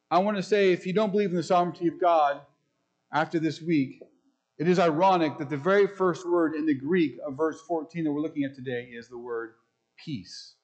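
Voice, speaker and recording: Male pastor, fairly high voice, emphatic sermon, rhetorical questions, slow scripture reading. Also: darkish tone. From United States.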